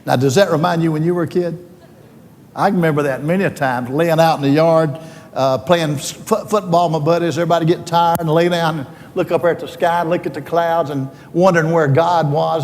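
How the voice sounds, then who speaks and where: An older man with a Southern drawl tells folksy stories and preaches in a homespun, joking way. His voice sits high for a man. It rings through a large hall over a faint low rumble. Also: fairly even intonation, fairly quick, darkish tone. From Alabama, US. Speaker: speaker addressing a team. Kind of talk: folksy faith talk with stories.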